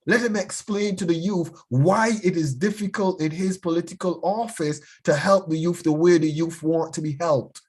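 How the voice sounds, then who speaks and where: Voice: medium pitch, normal speed, few pauses, breathy edge. A bishop addresses a youth class in an urgent, sermon-like style. The speaker presses each point hard, often repeating words before pushing on. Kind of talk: impassioned sermon-like teaching.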